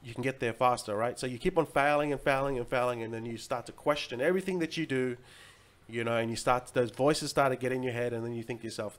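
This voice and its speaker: A man's voice: medium pitch, fast. A man hosting his own livestream, delivering a motivational monologue with emphatic repetition and frequent "right?" checks. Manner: swings between loud peaks and quiet drops. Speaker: crypto livestream host.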